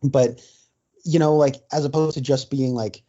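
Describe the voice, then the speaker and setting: A man on a casual podcast thinks aloud, hesitant and full of fillers. His voice is mellow and dark. The audio is dull and lo-fi. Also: medium pitch, steady tone, moderate pace. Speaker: podcast co-host.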